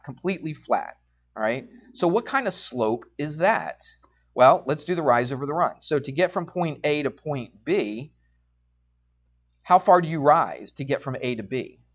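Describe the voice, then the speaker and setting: A middle-aged man teaching a college math class, telling a personal story in a chatty way and often checking in with students. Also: mid-range voice. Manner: chatty, storytelling, asks frequent check-in questions.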